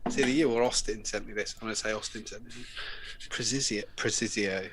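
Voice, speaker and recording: A man's voice: medium pitch, steady tone, fast, slight background noise, rough recording. A man with a British accent hosting a show, chatting casually and joking with a laugh. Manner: jokey, laughing banter. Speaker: host. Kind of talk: casual chat.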